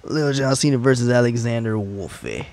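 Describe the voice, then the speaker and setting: A man giving casual, excitable commentary while playing a wrestling video game, teasing and talking to the characters on screen. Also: mid-range voice, moderate pace. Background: game music.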